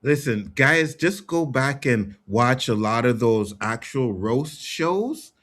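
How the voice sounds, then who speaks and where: A man's voice: mid-range voice, animated, takes it slowly, a bit bright. A man from Canada co-hosting a livestream, easygoing and agreeable in casual chat. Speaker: livestream co-host.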